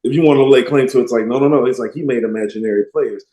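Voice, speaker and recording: A man co-hosting a music podcast, speaking with emphatic, animated energy. His voice is mellow and dark in tone, and the recording carries a roomy echo. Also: medium pitch, racing. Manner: animated, emphatic, quotes lyrics with relish. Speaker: podcast co-host. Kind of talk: casual music discussion.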